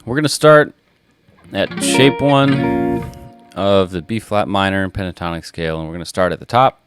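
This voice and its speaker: Low-voiced man teaching guitar over loud playing. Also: normal speed. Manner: patient, counts rhythms aloud while playing. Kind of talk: instructional guitar lesson.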